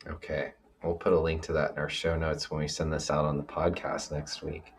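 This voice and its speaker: A man's voice: rumbling low, level tone, brisk, slight background noise. A man hosting a podcast interview, asking questions and affirming his guest's answers. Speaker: podcast host.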